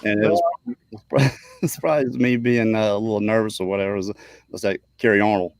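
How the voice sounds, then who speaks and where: A man with a fairly low voice reads aloud and chats in a halting way, with frequent throat clearing and restarts. The sound is dry and close. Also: a little mellow, dry recording. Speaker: podcast co-host. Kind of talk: casual chat and reading a listener story aloud.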